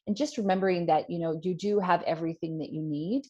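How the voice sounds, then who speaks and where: A woman, co-hosting a spiritual podcast, reflective and gentle, with many "you know" fillers. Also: fairly low pitch, steady tone, fast talker, muffled recording. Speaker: podcast co-host, card reader. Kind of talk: casual spiritual chat.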